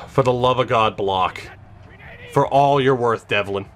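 A young man commentating his own football video game, emotional and swearing, going from tense muttering to high yelling. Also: slow. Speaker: gaming YouTuber. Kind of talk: gameplay commentary.

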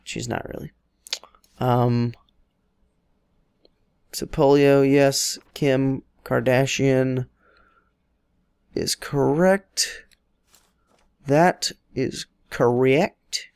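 A man's voice: medium pitch, no room sound. A man casually commenting on his own gameplay, rambling and joking as he talks to the characters on screen. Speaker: let's play host.

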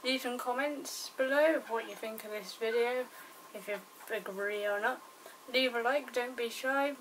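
A young woman with a British accent chats loosely to camera, swearing and rambling. Her voice sits a little high. She sounds set back from the mic, with a faint noise floor. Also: moderate pace. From Britain. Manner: chatty, swears casually, rambling. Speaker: vlogger. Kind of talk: casual vlog chat. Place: home indoors. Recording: recorded from a distance, faint background noise. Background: dogs outside.

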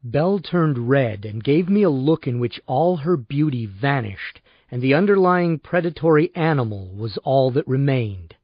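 A man's voice: medium pitch, animated, normal speed, few pauses, no room sound. A man narrating an audiobook in the first person with a wry, sardonic tone, on a dull lo-fi recording.

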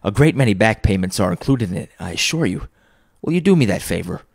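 A man's voice: lowish voice, very animated, fast, gravelly, no echo, heavily acted. Elderly miser Scrooge bursting with joy, read by a man, breathless exclamations, audiobook, dry sound. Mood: joyful. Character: elderly miser Scrooge, suddenly overjoyed and giddy.

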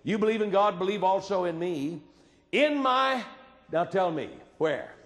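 Preacher with a dramatic, echoing delivery. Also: male voice, high voice, lively intonation, measured pace. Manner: dramatic storytelling, swinging from loud emphasis to hushed quiet. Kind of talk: sermon.

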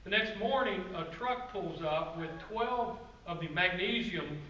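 A man giving a guest-speaker presentation to a club audience, telling stories in a relaxed, conversational way with asides to the crowd. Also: sits high, a little slow. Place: meeting room with an audience. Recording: roomy, distant, faint background noise.

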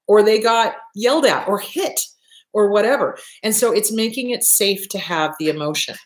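A middle-aged woman, a therapist, giving blunt, profane, expressive advice in a casual monologue. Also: medium pitch. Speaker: therapist, show host. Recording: echoey room.

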